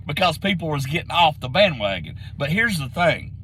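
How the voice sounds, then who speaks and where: A man ranting bluntly about sports, repeating his points, sounding a little hoarse from being sick. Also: a little high, very animated, normal speed, pushed and bright, slight background noise, poor audio. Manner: blunt, repetitive, heated. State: getting sick, slightly hoarse. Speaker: sports commentary vlogger. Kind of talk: opinionated rant to camera.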